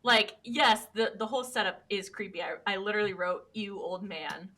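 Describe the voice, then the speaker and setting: A woman co-hosts a casual podcast with a bright, sharp tone at a middling pitch. She chimes in with quick, wry remarks and laughs easily. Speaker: podcast co-host. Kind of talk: casual chat.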